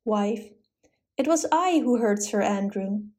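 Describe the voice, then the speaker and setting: A woman's voice: medium pitch, animated, takes it slowly, dark tone. Woman reading as a bold young nobleman. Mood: earnest.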